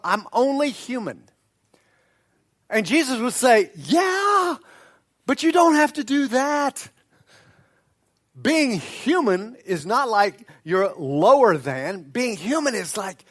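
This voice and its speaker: A man pastor preaching a sermon in a church, conversational, stretching out key words and restarting sentences. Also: high voice. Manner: conversational, drawn-out emphatic words, frequent restarts. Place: church sanctuary.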